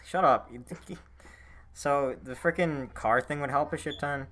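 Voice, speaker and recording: A man's voice: a little high, unhurried, fairly bright tone. A young man co-hosting a casual podcast, rambling and swearing with plenty of filler words, and he has the hiccups. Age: young adult. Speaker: podcast co-host. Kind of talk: casual chat.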